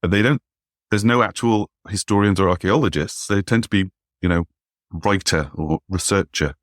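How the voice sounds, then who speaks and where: Deep voiced guy on a podcast, skeptical, lots of restarts, dry sound. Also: normal speed, no echo. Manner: skeptical, thinking aloud with restarts. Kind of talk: casual chat.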